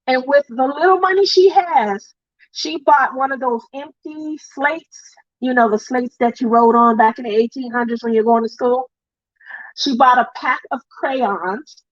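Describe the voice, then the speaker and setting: Slow-talking chatty woman craft host. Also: high-pitched, dry recording, highs cut off. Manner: chatty storytelling, emotional, laughs often. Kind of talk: casual chat reading viewer comments.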